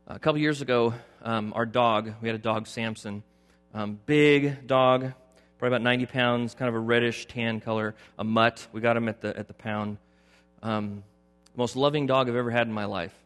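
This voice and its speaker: A middle-aged male pastor preaching a sermon, moving from loud emphatic points to a quiet personal story. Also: medium pitch, fairly even intonation, normal speed, clean tone. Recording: long hall reverb with faint music.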